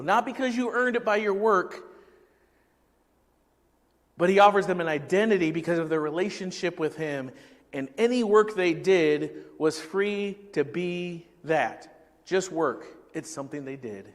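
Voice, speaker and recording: A man's voice: sits high, unhurried, long reverb tail. A man preaching a sermon as pastor, talking conversationally and asking the congregation questions.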